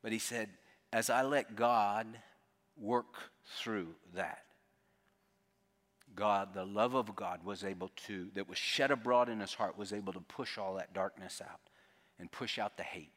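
Male pastor, lowish voice, earnest storytelling sermon, long church reverb. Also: fairly even intonation, moderate pace. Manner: earnest, drops to a hushed tone for quotes. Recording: long reverb of a large hall.

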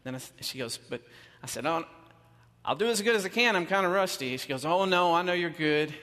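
A man's voice: fairly high pitch, animated, brisk, sharp tone. A man giving a chatty sermon, telling a self-deprecating story before he turns to teaching. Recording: long reverb of a church hall.

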